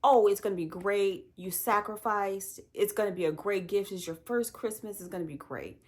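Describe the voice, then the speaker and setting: A woman's voice: mid-range voice, normal speed, lightly acted. Older hairdresser, upbeat and soothing, read by a woman. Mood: reassuring.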